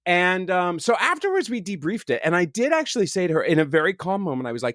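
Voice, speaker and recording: A middle-aged man co-hosting a chatty podcast, his pitch swinging widely as he tells a story. He slips into playful voices for the people in it. The sound is close and dry. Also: fast talker, few pauses, no echo. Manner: animated storyteller, acts out quotes in voices. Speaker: podcast co-host. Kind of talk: casual chat.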